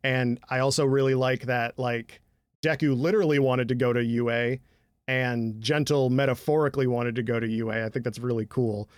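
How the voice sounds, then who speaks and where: A young man co-hosting a casual anime podcast, animated and laughing, often slipping into loud impressions of characters. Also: mid-range voice, moderate pace, dry recording, studio quality. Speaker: podcast co-host.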